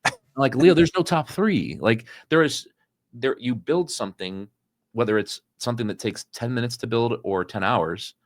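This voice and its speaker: A man who is a financial advisor and podcast guest, telling stories in a casual, animated way and acting out what people said to him. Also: mid-range voice, dry recording, clean studio sound. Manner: fast, animated storyteller acting out quoted dialogue. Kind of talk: casual interview storytelling.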